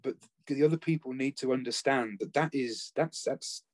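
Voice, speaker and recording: A man, talking earnestly and haltingly about caring for his late spouse in a conversational interview. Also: mid-range voice, dry recording. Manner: earnest, reflective, halting with restarts. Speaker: bereaved former family carer, guest.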